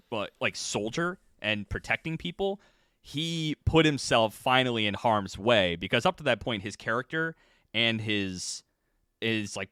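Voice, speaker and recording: A man musing in a relaxed, drawn-out way about anime in casual podcast chat. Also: mid-range voice, no echo, clean studio sound. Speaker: podcast guest.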